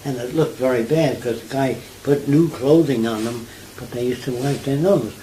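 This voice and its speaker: A man's voice: mid-range voice, moderate pace, poor audio. Older new guy telling stories in an interview, keeps asking if you get it, bit of room noise. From New York. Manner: animated storyteller, asks listener if they follow. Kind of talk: conversational interview.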